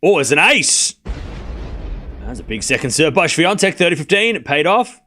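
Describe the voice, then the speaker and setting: A man's voice: a little high, sing-song, normal speed, bright, forceful tone, a little hiss or hum. A man livestreaming casual tennis play-by-play, calling scores and bantering animatedly with his chat.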